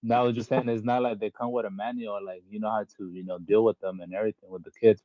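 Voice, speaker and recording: Low-voiced man, blunt and profane. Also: level tone, fast, no room sound. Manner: blunt, profane, rambling with many fillers. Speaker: podcast co-host. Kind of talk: candid casual chat. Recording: dull, dry lo-fi audio.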